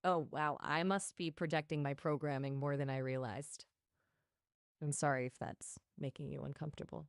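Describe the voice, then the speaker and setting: A calm AI assistant speaks in a woman's voice that sits a little low, recorded close and dry with no room sound. She is apologetic and explains things patiently, like a conversational chatbot. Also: normal speed, no room sound. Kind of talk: conversational AI chat.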